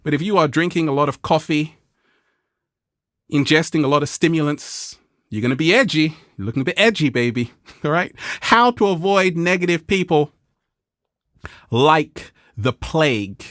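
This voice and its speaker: Lively, playful male vlog host. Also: normal speed, no room sound, clean studio sound. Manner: playful and animated, laughing, acting out quoted people in a high voice. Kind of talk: motivational talk to viewers.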